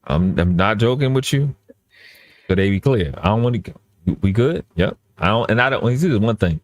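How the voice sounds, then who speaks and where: A man's voice: fairly low pitch, expressive, moderate pace, no room sound, clean studio sound. A man talking earnestly in casual live-stream chat, often restarting and repeating his phrases.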